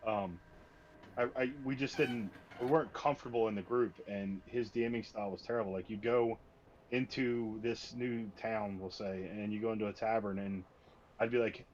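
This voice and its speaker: A low-voiced man tells stories in casual chat, restarting his sentences and swearing for punch. He comes across as a game master reminiscing with a player. The sound is somewhat muffled and lo-fi. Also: fairly even intonation, normal speed, a little mellow. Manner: storytelling, swears for emphasis, self-interrupting. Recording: slightly muffled lo-fi stream audio.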